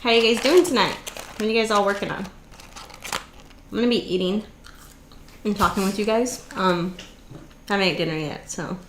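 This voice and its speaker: A woman's voice: medium pitch, normal speed, pauses often, a bit bright, a little hiss or hum. A woman hosting a casual live stream, chatting easily, greeting viewers by name and laughing often. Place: home craft room. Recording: roomy echo.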